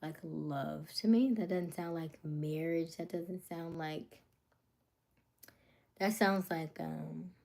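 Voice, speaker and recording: A woman's voice: sits low, slow pace, creaky, a little mellow. A young woman hosting a casual livestream, talking through her dating experiences with lots of fillers and frequent drops into a near whisper. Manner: rambling, many fillers, drops to whispers and back. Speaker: livestream host.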